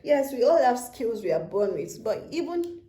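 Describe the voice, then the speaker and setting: Near tears, a female tarot reader delivers a channeled reading with tender emotion, addressing the listener as baby and love. Her warm, higher voice swings widely in pitch at a moderate pace, captured on a handheld phone camera with reverberant sound.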